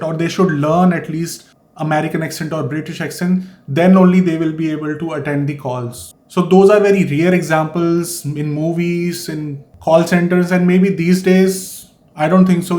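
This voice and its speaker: A man's voice: fairly high pitch, a little mellow. A man from India with an Indian accent, giving earnest, explanatory advice in a vlog and repeating his key points. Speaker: vlogger. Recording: echoey room.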